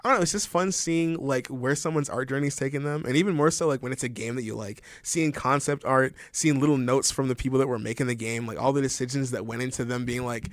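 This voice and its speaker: A man's voice: mid-range voice, fast, few pauses, dry recording, studio quality. A man co-hosting a casual gaming podcast, talking in a laid-back slangy way with many fillers. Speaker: podcast co-host. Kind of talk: casual chat.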